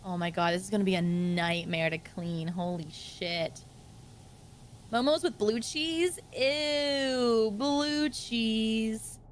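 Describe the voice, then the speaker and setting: A woman's voice: on the high side, slow, slight background noise. A woman streamer chatting casually and playfully while she plays a game with a friend, often cooing at the game's mascot. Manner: playful, giggly, talks to the game's mascot in a sing-song voice. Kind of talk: casual gaming chat.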